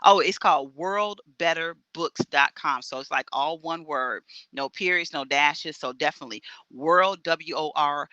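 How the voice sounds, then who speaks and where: Middle-aged woman, really bright sharp voice, dry close sound, earnest and halting, lots of restarts, video call. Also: sits low, dry recording, highs cut off. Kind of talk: casual chat on an online radio show.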